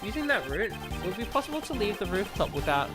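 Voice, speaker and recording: A streamer reading aloud a composed, formal male prosecutor who reasons through a case in a measured way. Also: medium pitch, very animated, loud music behind the voice, natural voice. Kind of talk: reading game dialogue aloud.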